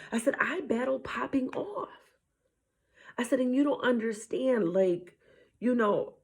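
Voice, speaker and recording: A woman's voice: medium pitch, a little mellow, breathy edge. A mother telling a casual faith story, retelling talks with her children and dropping into whispers at times. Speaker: mother sharing a faith message.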